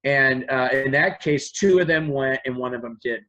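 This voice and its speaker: A man's voice: mid-range voice, normal speed, bright, forceful tone, poor audio. A man, a guest on an interview show, telling long stories in an earnest, rambling way. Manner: earnest, rambling, acts out quoted dialogue. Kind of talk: conversational storytelling.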